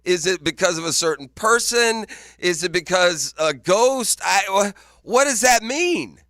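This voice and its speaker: Bright, playful sports radio man. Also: high-pitched, expressive, a little slow, no room sound, clean studio sound. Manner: playful, laughing often, teasing. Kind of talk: casual morning radio banter. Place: radio studio. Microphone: studio microphone.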